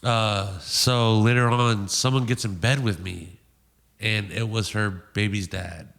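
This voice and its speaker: A man guest on a podcast, telling a wild story in a profane, animated way. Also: fairly low pitch, slow, in a large hall. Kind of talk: casual anecdote.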